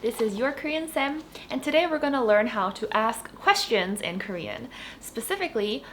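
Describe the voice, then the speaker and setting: A woman giving a casual online Korean lesson, chatting in English and saying each Korean example slowly and clearly, then repeating it. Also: a little high, lively intonation, fairly bright tone, slight background noise. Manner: chatty, explains with "like" and "you know". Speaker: Korean language teacher.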